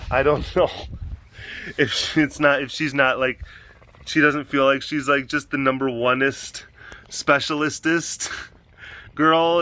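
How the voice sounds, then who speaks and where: A man hosting a casual vlog at a wild animal facility, talking in an animated way, laughing often and restarting his sentences. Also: on the high side, no echo.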